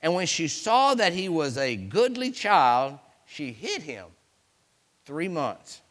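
High bright voiced guy preaching, swoops all over, storytelling sermon style. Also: slow, in a large hall. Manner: animated storytelling preacher, exclaiming hallelujah.

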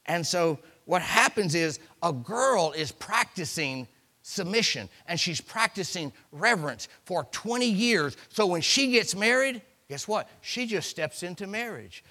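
A man's voice: sits high, expressive, unhurried, sharp tone. A middle-aged man preaching a sermon in a folksy storytelling way, acting out voices and repeating words for effect.

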